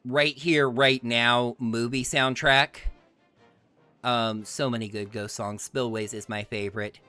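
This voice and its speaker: A man's voice: mid-range voice, pushed and bright, smooth, dry recording. Brief: male streamer, playful chatty commentary, game music faint behind. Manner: playful, chatty, laughs often. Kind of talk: let's-play commentary.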